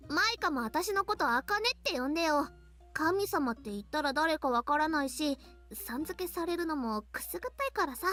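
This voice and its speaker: A woman's voice: high voice, expressive, racing, a bit bright, faint music behind. An actress voicing a carefree, gluttonous young goddess girl in an anime game, cheerful and teasing.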